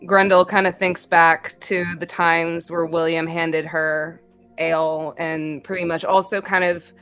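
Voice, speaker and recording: A woman player describing her character's actions in a tabletop game, gentle and descriptive with small hesitations. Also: on the low side, little pitch movement, measured pace, clean tone, soft background music. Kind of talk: tabletop role-play narration.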